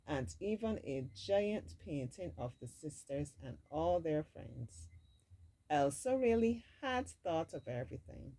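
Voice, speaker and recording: A woman's voice: low voice, dark tone, low-quality recording. A woman reading a storybook aloud expressively, dropping in casual asides of her own. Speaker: storybook reader.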